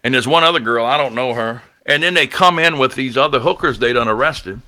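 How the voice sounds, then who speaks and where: A man in his forties, a radio personality, telling a profane story with animated delivery and acted-out voices. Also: mid-range voice, a little fast, no echo. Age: 40s. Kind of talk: storytelling anecdote on a talk show.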